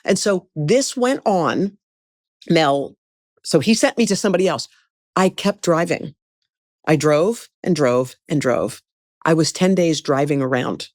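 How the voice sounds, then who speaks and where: Lively storytelling middle-aged woman, dry sound. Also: deep voice, measured pace, no room sound. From United States. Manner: animated, acts out the people in her story. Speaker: guest. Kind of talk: storytelling in a conversation.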